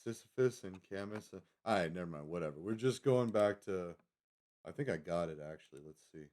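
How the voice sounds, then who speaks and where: A man's voice: low-pitched, animated, fairly quick, darkish tone. Rambling man hosting a livestream. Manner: rambling, lots of fillers and self-corrections. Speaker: livestream host. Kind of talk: casual livestream chat.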